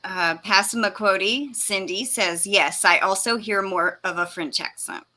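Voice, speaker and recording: A woman hosts a casual live-stream chat, with a bright, forceful voice. She chats in a halting way, full of fillers and small laughs. Her pitch sits in a middle range. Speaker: host.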